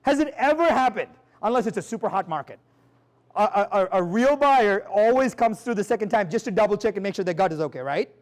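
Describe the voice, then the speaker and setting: Speaking at a live seminar, a male sales trainer with a high-sitting voice is energetic and emphatic, firing rhetorical questions at his audience. His delivery is quick and conversational, full of restarts and peppered with "like" and "right?".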